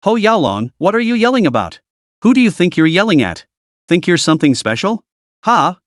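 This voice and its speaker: Brief: a stern male executive who snaps and scolds, played by a male narrator, lively pitch, dry close sound. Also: a little fast, no room sound. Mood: angry. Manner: cold, commanding.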